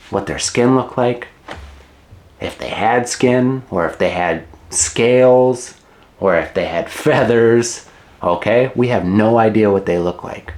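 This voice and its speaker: A middle-aged man gives a relaxed English lesson, his voice sitting on the lower side. He talks slowly and deliberately, repeating key words and slipping in jokey asides. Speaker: English teacher.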